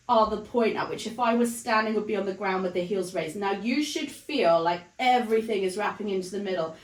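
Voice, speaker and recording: A woman leading a Pilates class, calmly talking through the moves while she demonstrates them. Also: a little high, roomy sound, rough recording. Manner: calm counting of breaths while demonstrating. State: breathless, counts fading to breathy whispers during exertion. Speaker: Pilates instructor. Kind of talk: guided exercise instruction.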